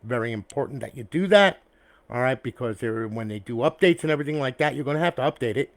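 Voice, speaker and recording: Rambling, chummy console builder, dry close sound. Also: male voice, mid-range voice, animated, fast talker, no room sound. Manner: rambling, checks in with "okay?" and "all right?" after nearly every point; blunt and profane, chummy with his viewers. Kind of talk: casual talk to camera about a finished build. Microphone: external mic, replacing the camera's built-in one.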